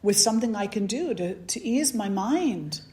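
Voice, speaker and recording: A woman's voice: mid-range voice, animated, moderate pace, warm tone, lightly acted. A woman voicing an anxious, impatient king as part of a story she tells during a spiritual teaching. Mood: worried.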